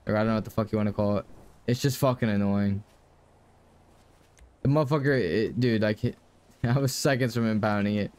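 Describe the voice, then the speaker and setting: A man's voice: on the low side, moderate pace, long pauses, a little mellow. A young man streaming a game, talking casually to his chat and ranting with lots of swearing.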